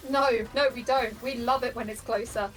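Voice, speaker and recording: A woman giving live tournament commentary on a competitive game, bubbly and quick to laugh. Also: a little high, fairly even intonation, a bit bright, faint music behind, low-quality recording. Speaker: esports commentator.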